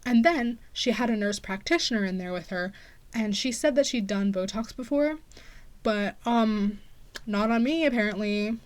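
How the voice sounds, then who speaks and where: A young woman in her late teens hosting a podcast, telling a story in a chatty, sassy way and saying "like" a lot. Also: mid-range voice. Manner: chatty and sassy, heavy use of "like". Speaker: podcast host. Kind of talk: casual storytelling monologue.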